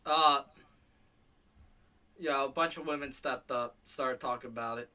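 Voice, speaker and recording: A man's voice: medium pitch, unhurried, sharp tone. A man co-hosting a casual podcast, swearing freely, laughing often and reading posts aloud. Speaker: podcast co-host. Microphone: home microphone, streamed show.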